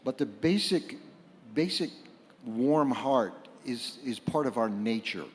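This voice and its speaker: A man's voice: medium pitch, lively intonation. Man speaking in a reverberant hall. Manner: halting, repeats words, rises to loud bursts. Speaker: speaker at a book fair panel. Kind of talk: reflective public talk. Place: large hall before a live audience.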